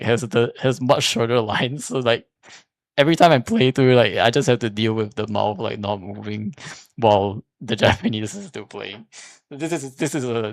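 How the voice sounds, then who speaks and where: A man's voice: medium pitch, dry recording. Rambling, argumentative man, dry sound. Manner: rambling and argumentative, with many restarts and fillers; repeats "here's the thing" when making a point. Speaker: streamer. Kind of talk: casual spoken commentary.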